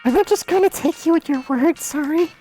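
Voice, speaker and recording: A proud young alien girl argues her case in a high, indignant voice, as a woman streamer puts her on. She sounds defensive and quick to take offence, with light music playing under her. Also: mellow, lightly acted. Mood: defiant.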